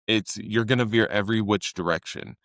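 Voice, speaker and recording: A young fitness coach co-hosting a casual podcast about coaching speaks earnestly in a fairly low, steady voice at a brisk pace. He's close to the mic in a dry, dead room with no room sound, and occasionally acts out quotes louder and higher.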